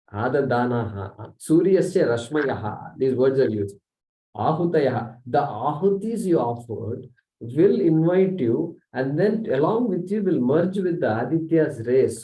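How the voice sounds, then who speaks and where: A man leads a scripture class, explaining step by step, reciting verses and often saying "okay." His voice is medium-pitched and mellow, recorded from a distance in an echoey room.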